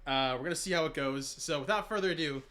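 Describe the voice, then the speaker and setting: A man hosting his own stream's awards show, excitable and rambling, a bit out of breath. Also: on the high side, fast talker. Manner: excitable, rambling, self-deprecating. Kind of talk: casual live-stream hosting.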